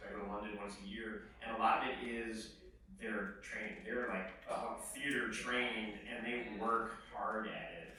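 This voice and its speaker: A man hosting a live talk, relaxed and conversational, moderating a workshop. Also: on the low side, normal speed. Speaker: podcast host and moderator. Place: workshop room with an audience. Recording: echoey room, distant mic, faint hiss.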